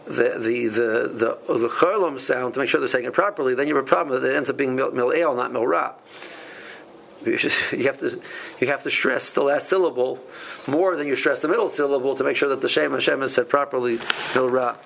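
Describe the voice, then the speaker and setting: Halting man teaching a Torah class. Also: mid-range voice, creaky, a bit bright, slight background noise, rough recording. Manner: halting, many restarts and repeated words. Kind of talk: halachic lesson.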